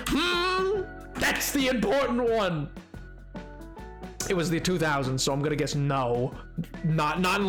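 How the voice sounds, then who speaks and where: A man's voice: a little high, a bit bright. A young adult man chatting casually on a gameplay stream, rambling and playful, often stumbling over his words.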